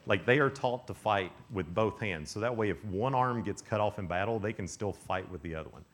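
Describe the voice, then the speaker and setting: A man's voice: fairly low pitch, brisk. A young man preaching a youth camp sermon, telling stories with acted-out voices and frequent laughter. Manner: animated storytelling, acts out voices, laughs often. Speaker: youth speaker.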